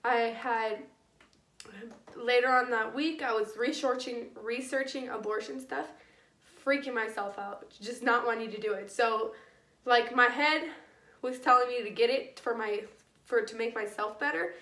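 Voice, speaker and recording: A woman's voice: fairly high pitch, steady tone, normal speed, a bit bright. A young woman vlogger telling a personal story in a casual, rambling way, full of "like" and restarts, swearing freely. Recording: echoey room, a bit far from the mic.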